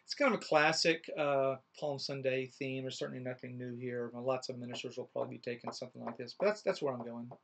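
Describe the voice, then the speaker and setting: A man's voice: mid-range voice, fairly even intonation, fast, creaky, hardly any pauses, fairly bright tone. A middle-aged man, a minister, thinking aloud in a rambling, wry, casual way about his next sermon. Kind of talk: casual vlog musing. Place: church, alone.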